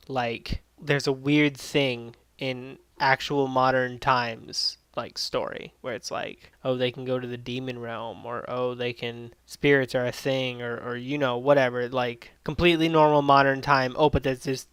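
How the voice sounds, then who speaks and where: A man's voice: mid-range voice, fairly bright tone, smooth, no room sound. A man casually recapping and reviewing an anime episode, rambling with lots of fillers and swearing freely.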